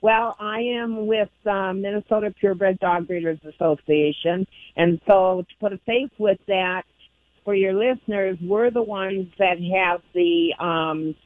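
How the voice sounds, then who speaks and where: A woman's voice: medium pitch, measured pace, no room sound. A woman calling in to a radio show by phone, explaining a youth dog program steadily with many ums. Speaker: phone-in guest from a dog breeders' group. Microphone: telephone. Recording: tinny phone line.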